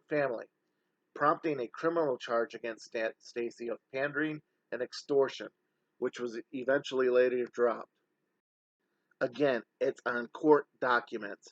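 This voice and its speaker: A man's voice: mid-range voice, no echo. A man giving a heated, scornful commentary voice-over as an online scam exposer, with a dull, slightly lo-fi recording.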